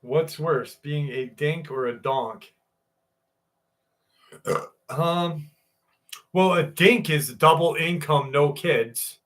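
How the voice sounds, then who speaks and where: A man's voice: on the high side, drawn-out words, pauses often. A man hosting a live show, reading a viewer's story aloud and then chatting loosely with his live chat, joking and swearing freely. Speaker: show host.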